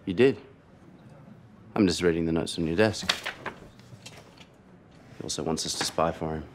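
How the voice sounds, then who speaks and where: An actor playing a laid-back doctor who talks offhand and teasing. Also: male voice, low voice, moderate pace, noisy background, close to an everyday voice.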